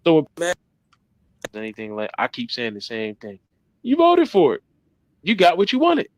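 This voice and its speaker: A man's voice: a little high, wildly swooping pitch, moderate pace, no room sound, highs cut off. A man co-hosting a casual podcast chat, blunt and lecturing, repeating his points. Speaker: podcast co-host.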